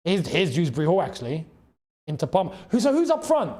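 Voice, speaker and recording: A young man streams a football watchalong, reacting to the action, shouting at big chances, groaning at misses, and chattily reading out and thanking viewers in chat. His voice is a little high with huge pitch swings, and his pace is brisk.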